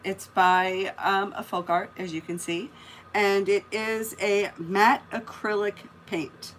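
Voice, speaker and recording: A woman's voice: mid-range voice, steady tone, takes it slowly, a bit bright, slight background noise. A woman hosting a casual live craft stream, chatting and greeting viewers by name as she works. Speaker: craft livestream host.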